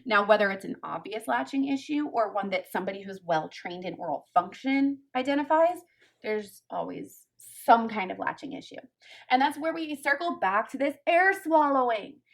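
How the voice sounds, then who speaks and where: A woman's voice: fairly high pitch, animated, moderate pace, vocal fry. A woman lactation consultant, giving emphatic, fired-up commentary in a folksy way. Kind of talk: opinionated commentary to camera.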